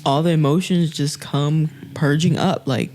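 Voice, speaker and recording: A woman's voice: low voice, fairly even intonation, a little mellow, a little hiss or hum. A woman guest on a podcast, chatting casually in loose slang and often restarting her sentences. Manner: halting, restarts often, laid-back slang. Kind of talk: casual chat.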